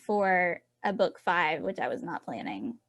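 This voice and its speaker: A woman's voice: fairly low pitch, lively intonation, a little slow, a bit bright. Laughing Southern woman author. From Tennessee, US. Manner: laughing, rambling, self-deprecating. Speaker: author guest. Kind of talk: casual interview chat.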